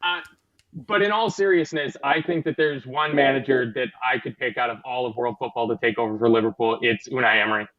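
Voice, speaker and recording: A man's voice: medium pitch, a little fast, no room sound, narrow, tinny audio. A man chatting casually as a fan panelist, jokey and thinking aloud. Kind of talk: casual chat.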